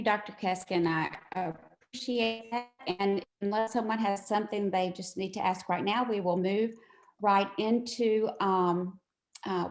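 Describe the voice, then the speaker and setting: A woman department chair moderating a webinar, speaking slowly with many "um"s. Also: mid-range voice, reverberant. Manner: slow, with many "um"s.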